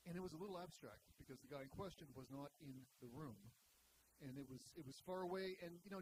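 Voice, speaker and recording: A man's voice: on the high side, quick pace, slight background noise, rough recording. A man telling a stand-up story to a live audience in a wry, conversational way. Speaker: stand-up comedian. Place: live venue.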